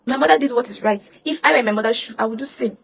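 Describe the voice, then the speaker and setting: Speaking rapid-fire in a slightly high, creaky, husky voice, a young Nigerian woman delivers an emotional social media rant. Her Nigerian accent carries heated scolding full of rhetorical questions.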